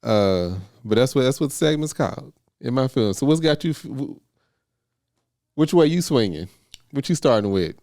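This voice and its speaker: A man's voice: mid-range voice, lively intonation, moderate pace, darkish tone, no echo, clean studio sound. A man co-hosting a podcast, talking in a laid-back, wry and slangy way. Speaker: podcast co-host. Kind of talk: casual chat.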